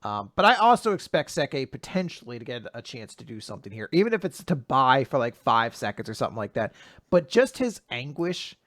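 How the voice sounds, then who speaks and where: A man casually retelling a manga chapter on a podcast, animated and acting out the lines as he goes. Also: medium pitch, a little fast, no room sound. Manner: animated, slips into character voices when retelling. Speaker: podcast host. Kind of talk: casual manga recap chat.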